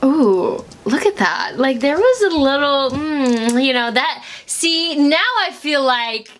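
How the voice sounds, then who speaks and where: A woman hosting a reaction video, chatting casually and gushing excitedly, sometimes breaking into squeals. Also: high-pitched, slow, faint music behind.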